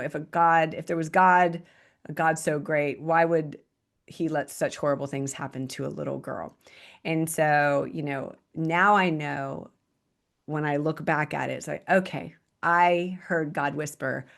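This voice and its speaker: A woman in her forties, a podcast host, telling her personal story in an earnest, slow and reflective way with frequent restarts. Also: sits low, gravelly. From Texas, United States. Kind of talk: personal testimony monologue.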